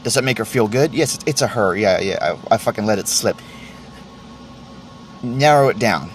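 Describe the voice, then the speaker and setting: A man's voice: lowish voice, animated, normal speed, a little hiss or hum. A man hosting a solo podcast, venting in a rambling way, stammering through restarts and swearing freely. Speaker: podcast host.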